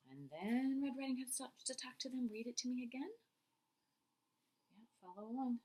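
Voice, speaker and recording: A woman's voice: on the high side, moderate pace. A woman teaching a classroom reading lesson, encouraging the children and praising them often.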